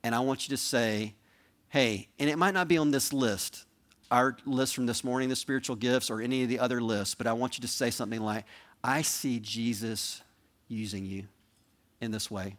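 A male pastor closing a sermon in a conversational, heartfelt manner. He speaks at a middle pitch, coaxing and pleading with the congregation. His tone stays earnest and direct, often pausing to ask "right?".

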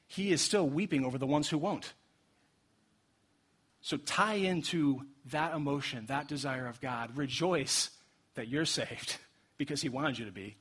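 A young man preaching with a slightly raised, husky voice. He talks in a loose, conversational way, laughing as he goes and acting out little quotes to drive his points home. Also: fairly high pitch, fairly bright tone. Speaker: pastor. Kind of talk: sermon.

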